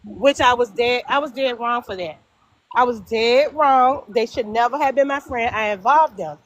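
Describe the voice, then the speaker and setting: A middle-aged woman telling a personal story in casual chat, animated and emphatic, acting out both sides of the dialogue. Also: a little high, moderate pace, slight background noise. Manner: emphatic repetition. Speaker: guest storyteller.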